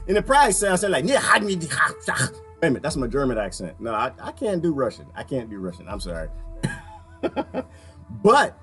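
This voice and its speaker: A man from Washington, D.C. giving an animated, ranting commentary, laughing often as he reacts to clips. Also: on the high side. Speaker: political commentary vlogger.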